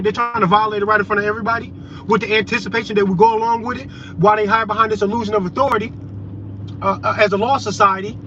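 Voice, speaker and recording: A man delivering a heated, profane, confrontational rant straight to his viewers. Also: sits high. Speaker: vlogger. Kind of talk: ranting monologue to viewers. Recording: dull lo-fi audio with loud road noise.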